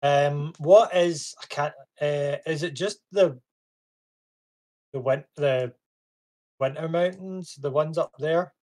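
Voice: medium pitch, slow pace, pauses often, mellow. Hesitant tabletop game player. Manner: hesitant, full of restarts.

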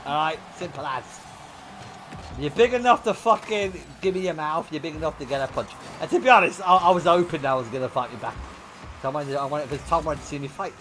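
A young man's fairly high voice moves at a quick pace as he games on stream and tells raucous, profanity-laced stories. Faint music plays behind him, and he bursts into loud laughter.

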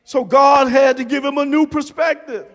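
High-voiced man preaching with big swings. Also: steady tone, normal speed, big-room sound. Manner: swings from soft low murmurs to shouted emphasis. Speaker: pastor. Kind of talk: preaching a sermon. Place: church sanctuary.

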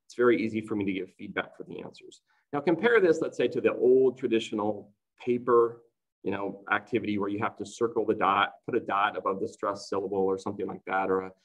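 A man in the middle of an online conference talk for teachers, his voice pitched squarely in the middle. He explains things in a chatty, running way and keeps checking in with "right?". It sounds like a computer mic over a video call. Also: poor audio.

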